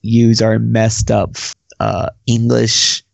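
A man's voice: fairly low pitch, flat delivery, slow, gravelly, no room sound. A man co-hosting a casual podcast, cracking goofy jokes. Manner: goofy, wisecracking. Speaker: podcast co-host.

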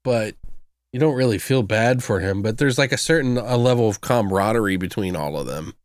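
A man's voice: on the low side, animated, brisk, dry recording, studio quality. A man co-hosting a casual movie review podcast, swearing freely and acting out lines from the films. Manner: profane, quotes movie lines in put-on voices. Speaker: podcast co-host.

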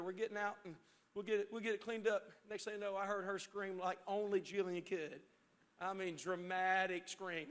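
High, bright-voiced preaching pastor. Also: male voice, smooth. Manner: preaching with rising shouts and storytelling. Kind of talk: sermon. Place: church sanctuary.

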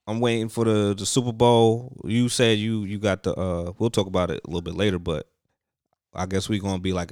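A man's voice: sits low, clean tone, dry recording, studio quality. A young man hosting a podcast, telling stories in casual chat, loose and full of slang and fillers. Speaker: podcast host.

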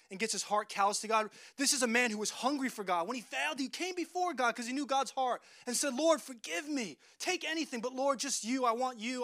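Male preacher, high voice, dry close sound, earnest and emphatic, circles back on his words. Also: sharp tone, no echo. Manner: earnest, emphatic, repeats words and restarts phrases. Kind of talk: sermon.

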